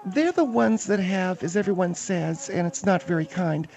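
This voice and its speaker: A man with a notably high, soft and mellow voice hosts a comedic radio interview. He questions his guest in an eager, chatty way, with a few filler pauses. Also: expressive, creaky. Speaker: radio host.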